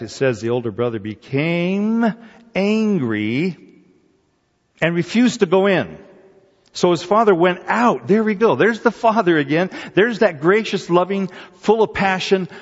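A man preaching in a big hall, his slightly high voice ringing with long reverb. The sound is dull and lo-fi. He tells the story in an animated way, voicing the figures with mounting excitement. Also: breathy edge. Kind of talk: sermon retelling a parable.

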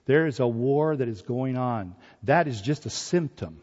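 A man preaching a sermon, lively and acting out voices from scripture. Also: mid-range voice, a little slow, hardly any pauses. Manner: animated, acts out biblical voices. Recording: dull recording in a hall.

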